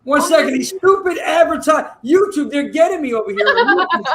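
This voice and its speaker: A male podcast host chatting on a live stream, excitable and flustered, talking over the others. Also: very high-pitched, moderate pace, raised voice. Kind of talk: casual live-stream chat.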